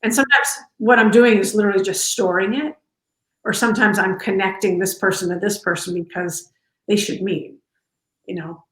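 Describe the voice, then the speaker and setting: A middle-aged woman talking casually in an interview, warm and chatty with lots of fillers and restarts, on a video call from home. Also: medium pitch, steady tone, normal speed. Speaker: company culture executive, interview guest. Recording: echoey room.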